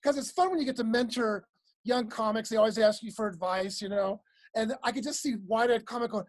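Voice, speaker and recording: A woman's voice: on the high side, a little fast. A woman comedian chatting casually, telling stage stories and acting out voices with laughter. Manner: animated, acts out voices with laughter.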